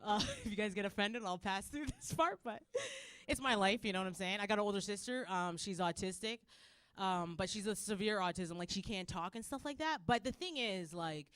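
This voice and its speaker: A woman performing a stand-up comedy set, rambling and animated, with lots of "like". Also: medium pitch, fairly quick, clear, resonant tone, no room sound, studio quality. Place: comedy club stage.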